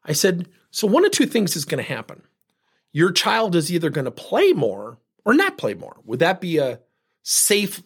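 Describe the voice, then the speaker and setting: A man hosting a podcast, telling a personal story and acting out the dialogue in an animated way. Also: a little high, husky. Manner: animated, acts out quoted dialogue. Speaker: podcast host.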